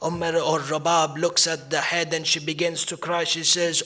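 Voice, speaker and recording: A man's voice: on the high side, level tone, moderate pace, hardly any pauses, pushed and bright. A man giving a mournful sermon, mixing Arabic religious terms into his English and swelling into lamenting cries. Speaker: shaikh giving a Muharram lecture.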